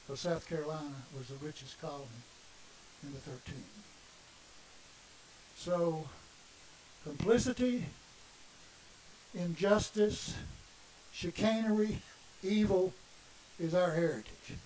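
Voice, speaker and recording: High-voiced minister preaching from afar. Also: male voice, slow pace, pauses often, a little mellow. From Southern United States. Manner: impassioned, emphatic, rhetorical questions. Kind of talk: sermon. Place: congregation meeting room. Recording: distant mic with faint hiss.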